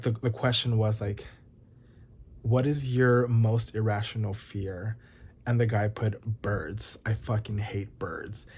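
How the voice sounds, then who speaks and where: A man's voice: medium pitch, a little mellow. A young man chatting casually to his viewers, rambling and swearing, with lots of "like". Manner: rambling, swears often, many likes. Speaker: vlogger. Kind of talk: casual chat to camera.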